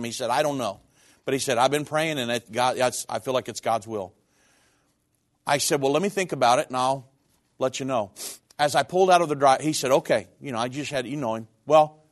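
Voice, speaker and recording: A middle-aged man, a minister, giving a personal testimony in a sermon, speaking in an earnest, candid, conversational way. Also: medium pitch.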